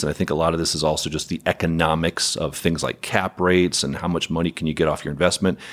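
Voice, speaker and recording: A man who runs a property management company, speaking as a podcast guest in a candid, wry way with chuckles. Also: low-pitched. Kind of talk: podcast interview conversation.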